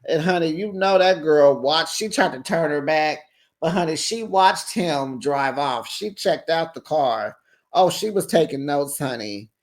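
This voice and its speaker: A sassy host recapping a reality show in a breezy, gossipy way, calling viewers honey and girl. The voice sits in a middle register and the talk stays lively and opinionated throughout. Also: mid-range voice, measured pace. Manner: talks in a breezy, chatty way. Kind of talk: casual gossipy TV recap commentary.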